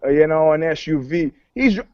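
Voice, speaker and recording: Brash, foul-mouthed higher-voiced man. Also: moderate pace, no room sound, lo-fi sound. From New York. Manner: profane, animated storytelling, acts out dialogue. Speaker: podcast co-host, PR commentator. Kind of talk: casual talk-show banter.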